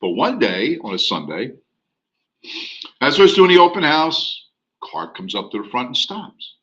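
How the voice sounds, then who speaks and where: In a storytelling lecture, a man recounts a real estate anecdote, animatedly acting out the dialogue along the way. His voice sits mid-range and he takes his time, heard through lo-fi sound.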